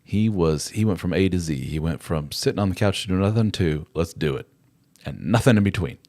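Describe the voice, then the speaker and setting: A middle-aged man with a very low, deep voice hosts a live chat. He rambles conversationally and drifts easily into acted-out quotes. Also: brisk, a little mellow. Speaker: host. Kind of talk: live chat advice talk.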